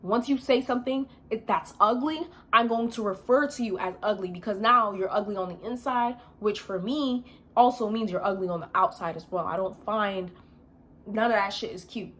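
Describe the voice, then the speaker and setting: A woman's voice: mid-range voice, normal speed. A young woman vlogging, telling a story in a blunt, emphatic rant full of slang.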